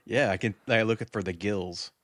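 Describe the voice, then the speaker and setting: A middle-aged man with a Chicago accent, trading deadpan wisecracks in casual podcast chat. His voice is lowish and heard close and dry. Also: normal speed, no echo. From Chicago area. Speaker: podcast co-host.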